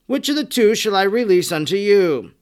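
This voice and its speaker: A man's voice: high voice, very animated, measured pace, fairly bright tone, heavily acted. A man voicing a wavering Roman governor who pleads with a mob in raised, declaiming tones. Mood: questioning.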